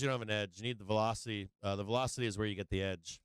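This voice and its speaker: Brash male trading-stream host, low voice, smooth and close with a dry sound, swears constantly. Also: very fast, hardly any pauses, dry recording. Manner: profane, brash, excitable trash talk. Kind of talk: live market commentary.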